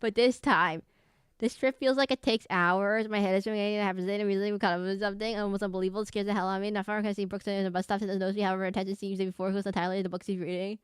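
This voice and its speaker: A woman's voice: mid-range voice, steady tone, very fast, clear, resonant tone, no room sound, close to an everyday voice. A woman voicing a determined, protective teenage boy protagonist, earnest and defiant, in a horror game. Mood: defiant uneasy. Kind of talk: game dialogue voiced by a streamer.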